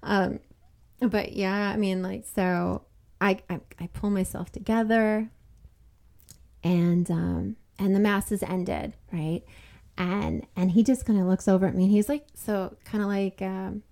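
A young woman speaks as a podcast guest, sharing a heartfelt personal story in a casual, rambling way. Her voice sits at an ordinary pitch with a noticeable gravelly fry, and her talk is full of fillers and earnest restarts. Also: fairly even intonation, a little slow, warm tone. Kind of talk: personal testimony in casual conversation.

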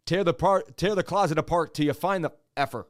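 A gruff, menacing Irish cop, as a man puts him on while telling a story. He speaks with a slow, heavy brogue, a little above the teller's usual pitch. The voice is loud and pressing. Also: no echo, studio quality, lightly acted. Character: gruff Irish male police officer, menacing.

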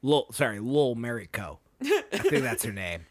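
A young man co-hosting a casual podcast, rambling and animated as he describes songs. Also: moderate pace, no room sound. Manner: rambling, animated, acts out lyrics in a high voice. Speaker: podcast co-host. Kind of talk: casual chat.

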